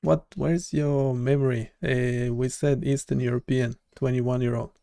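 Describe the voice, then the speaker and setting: Gravelly, dark-voiced man chatting casually. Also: mid-range voice, little pitch movement, measured pace, no room sound. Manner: casual, blunt, repeats words in bursts. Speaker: live stream host and web developer. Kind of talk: casual live-stream chat.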